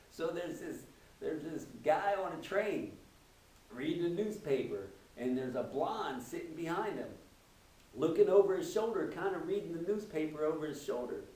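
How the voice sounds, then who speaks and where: A man's voice: on the high side, expressive, moderate pace, a little mellow, roomy sound, recorded from a distance, rough recording. A man who teaches, telling math and science jokes in a comedy routine and laughing at his own punchlines. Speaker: teacher doing stand-up.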